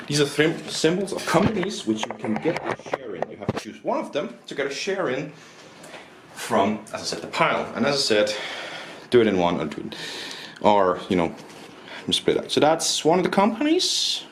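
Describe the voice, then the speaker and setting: A man's voice: mid-range voice, very animated, normal speed. A man, a board game reviewer rambling casually through the rules and his opinions, often restarting his sentences. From Denmark. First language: Danish. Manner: rambling, restarts often, self-deprecating asides. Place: indoors at a table. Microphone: camera mic, self-recorded. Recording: roomy echo, faint background noise.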